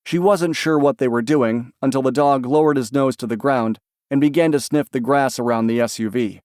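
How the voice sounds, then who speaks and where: Calm male audiobook narrator, dry sound. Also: mid-range voice, moderate pace, no room sound. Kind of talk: scripted narration.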